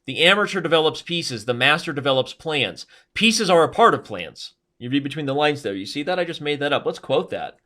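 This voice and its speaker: Male chess streamer, bright, forceful voice, fast and jokey delivery. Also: on the high side, lively intonation. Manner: fast-talking, joking, chatty. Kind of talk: live chess stream commentary.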